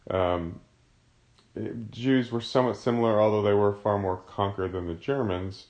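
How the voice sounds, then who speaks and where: A man's voice: lowish voice, steady tone, moderate pace, darkish tone. A man teaching a casual Bible study, explaining a passage in a conversational way.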